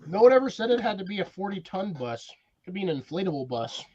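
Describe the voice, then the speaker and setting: A man on a casual live chat stream, quick to tell goofy joking stories. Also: high-pitched, big pitch swings, mellow, no room sound. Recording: dull lo-fi audio.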